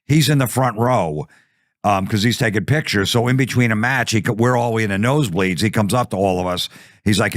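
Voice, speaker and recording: A man's voice: fairly low pitch, fairly quick, no room sound, studio quality. A man telling a profane comic story, acting out the quotes. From New Jersey. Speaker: comedian guest.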